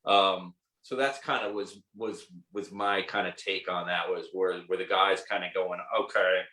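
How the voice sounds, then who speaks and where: A man's voice: low-pitched, fairly even intonation, moderate pace, bright, forceful tone, reverberant, rough recording. A male songwriter talking casually about his music, thoughtful and explaining with many restarts. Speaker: songwriter and band leader. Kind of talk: casual interview talk.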